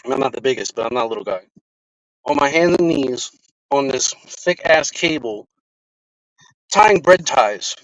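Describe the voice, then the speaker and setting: A man's voice: medium pitch, animated, normal speed, long pauses, no echo. Man telling a profane story, dry sound. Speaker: vlogger. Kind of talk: casual storytelling. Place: car. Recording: dry, slightly dull sound.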